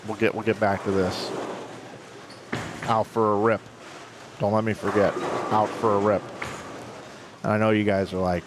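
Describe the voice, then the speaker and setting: A man's voice: fairly low pitch, normal speed, long pauses, noisy background. A man commentating a live bowling stream, rambling through chatty stories between play calls.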